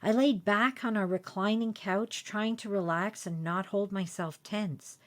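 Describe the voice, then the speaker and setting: A woman's voice: medium pitch, measured pace. A woman hosting a podcast, telling a personal story in a chatty, self-deprecating way. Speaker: podcast host.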